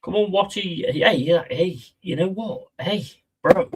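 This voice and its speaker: A man's voice: sits high, unhurried, husky, poor audio. A man chatting casually on a live stream, rambling, mocking and swearing a lot.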